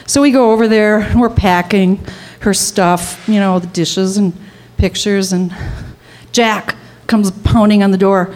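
A woman telling a personal story at a live storytelling event, acting out the people in it and rising higher and louder in tense moments. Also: steady tone, measured pace.

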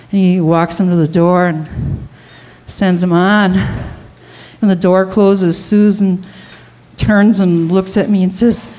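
A woman telling a personal story at a live storytelling event, acting out the people in it and rising higher and louder in tense moments. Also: steady tone, measured pace.

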